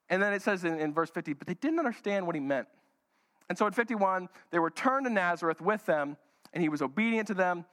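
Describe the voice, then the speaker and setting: High-voiced pastor preaching in a reverberant hall. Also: male voice, lively intonation, a little fast, fairly bright tone. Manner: playful, acts out Bible characters in put-on voices. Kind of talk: sermon. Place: church hall.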